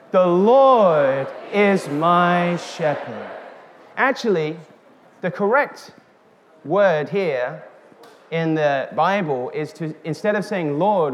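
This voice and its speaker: Male preacher, high lively voice, slow emphatic sermon, reverberant hall, faint noise. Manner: animated, slow and emphatic, talks with the congregation. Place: church hall.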